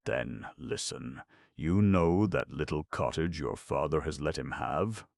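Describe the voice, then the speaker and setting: A man's voice: rumbling low, animated, measured pace, gravelly, darkish tone, no echo, studio quality, full character voice. A man voicing an earnest, impatient young woman in an audiobook, speaking in a clipped, insistent way.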